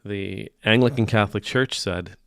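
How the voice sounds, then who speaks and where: A man's voice: lowish voice, moderate pace, creaky, clean tone, dry recording, studio quality. A man, a priest, giving casual spoken commentary in a wry, teasing, conversational way.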